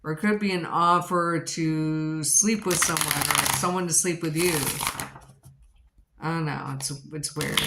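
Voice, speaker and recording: Low-voiced chatty woman reading tarot. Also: steady tone, a little slow, very noisy. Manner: chatty, rambling, repeats her questions to the cards. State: out of breath. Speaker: tarot reader.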